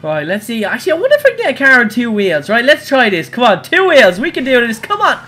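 A man, streaming a racing game live and talking to chat, excitable and crying out at crashes. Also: very high voice, fast. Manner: excitable, cries out at crashes and wins. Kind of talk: live gameplay commentary.

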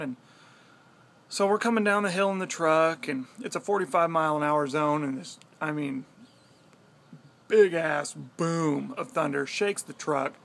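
Young guy, gravelly and a bit high, animated storyteller who swears casually. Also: slight background noise. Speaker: vlogger.

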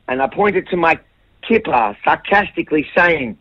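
A man's voice: on the high side, animated, normal speed, dry recording, dull audio. A man answering tough questions as a radio guest, emphatic and repeating words when pressed. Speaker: interview guest. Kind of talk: defensive radio interview answers.

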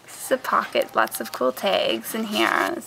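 A young woman vlogger showing her handmade scrapbook albums in a soft, chatty way, often trailing off and starting over. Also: medium pitch, big pitch swings, measured pace, gravelly, poor audio. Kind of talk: casual show-and-tell. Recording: faint background noise.

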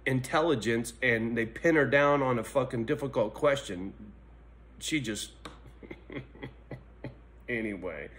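A middle-aged man vlogging in a blunt, profane personal monologue that swings between angry ranting and quiet reflection. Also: medium pitch, slow pace, long pauses.

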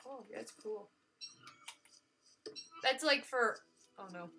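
A woman giving live gameplay commentary, excitable and gushing, with frequent exclamations and casual swearing. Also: mid-range voice, a little slow, pauses often. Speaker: let's player.

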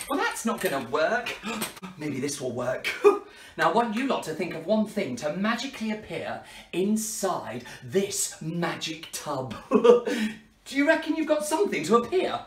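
A playful man hosting a children's magic and superhero party, with mock-dramatic sighs and questions to the kids. He talks slowly, his pitch swinging up and down. The sound is roomy and picked up from across the room. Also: very animated, a bit bright, slight background noise. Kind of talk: kids' party performance. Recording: roomy, from a distance.

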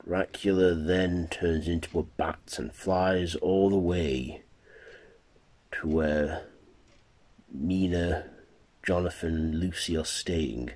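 A man narrating an amateur horror fan story in a plain, halting way. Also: sits low, fairly even intonation, darkish tone. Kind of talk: amateur fan-fiction reading.

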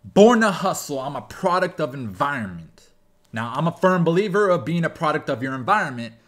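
A man hosting a music reaction video, reacting excitedly and explaining rap lyrics line by line with laughs. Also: on the high side, fairly quick. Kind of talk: casual music reaction commentary.

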